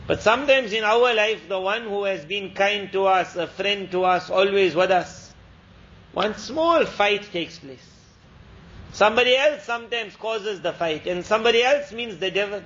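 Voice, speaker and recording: A man's voice: sits high, normal speed, a bit bright, a little hiss or hum. A man giving an Islamic lecture, telling a moral story in an earnest, repetitive preaching manner. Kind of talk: storytelling sermon. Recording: dull lo-fi lecture recording.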